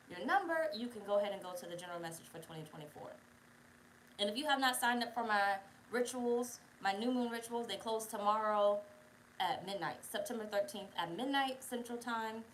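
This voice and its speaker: A woman's voice: medium pitch, fairly bright tone, a little hiss or hum, rough recording. A young woman hosting a casual tarot livestream, chatty, profane and digressive, bossing her viewers around. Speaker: tarot reader, channel host.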